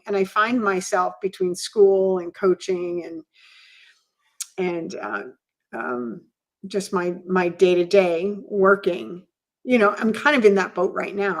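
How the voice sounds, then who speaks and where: A middle-aged woman co-hosting a podcast, speaking in a candid, reflective way and leaning often on "you know". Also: medium pitch. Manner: reflective, open, with many "you know" fillers. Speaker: podcast co-host.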